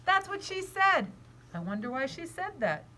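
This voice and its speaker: A woman voicing a curious young girl from a children's novel, speaking higher and eagerly. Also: very animated, moderate pace, bright, forceful tone, slight background noise, heavily acted, rough recording. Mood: puzzled.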